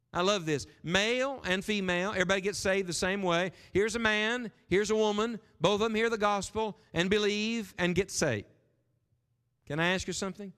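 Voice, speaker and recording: A man pastor preaching a sermon, animated and emphatic, rising and dropping his voice for stress. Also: on the high side. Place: church sanctuary. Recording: sermon with long hall reverb.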